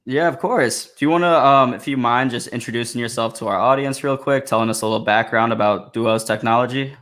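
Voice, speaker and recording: A man's voice: mid-range voice, a little fast, fairly bright tone. Casual male show producer. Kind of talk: live show chat.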